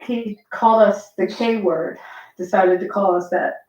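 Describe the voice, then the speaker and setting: A woman's voice: medium pitch, steady tone, unhurried, a little mellow, roomy sound, low-quality recording. A woman speaking indignantly, scolding the group in a casual chat.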